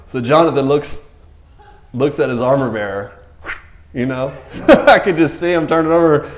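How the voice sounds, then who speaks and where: A man's voice: mid-range voice, normal speed, echoey room. A man preaching a casual, joking sermon, acting out the characters in raised voices. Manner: animated, jokey, acts out characters with raised voices.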